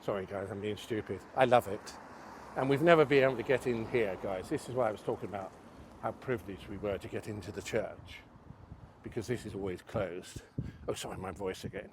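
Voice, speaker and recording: A man's voice: lowish voice, a little fast, a little hiss or hum. A man giving a rambling, self-mocking walking tour outdoors on a city street, chatting to camera. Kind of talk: casual chat to camera.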